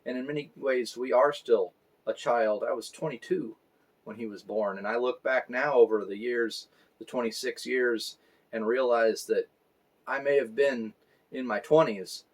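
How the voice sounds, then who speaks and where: A man in his forties giving a conversational story sermon, reflective and unhurried, with fillers. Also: medium pitch, fairly even intonation. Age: 40s. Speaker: pastor.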